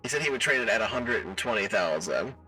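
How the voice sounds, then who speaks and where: A man voicing a polite, formal male alien trader through a robot voice changer, halting and hesitant. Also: lowish voice, lively intonation, pushed and bright, recorded from a distance, soft background music, low-quality recording. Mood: courteous.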